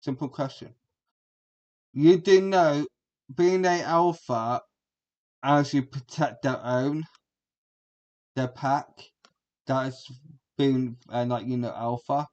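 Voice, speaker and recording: A man's voice: mid-range voice, takes it slowly, pauses often, a little mellow, highs cut off. A man, giving a rambling, crude and combative reaction commentary as a streamer.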